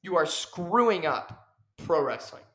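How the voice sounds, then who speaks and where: A man's voice: fairly high pitch, sing-song, unhurried, pushed and bright. A man hosting his own podcast as a professional wrestler, lecturing in a heated, preachy way and hammering his points over and over. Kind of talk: ranting solo podcast. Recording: echoey room.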